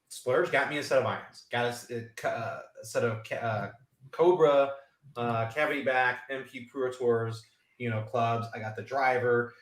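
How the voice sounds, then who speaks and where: In an echoey room, a man with a medium-pitched, fairly bright voice co-hosts a laid-back golf live stream. As a golf podcast co-host, he spins rambling stories and acts out the voices of the people in them.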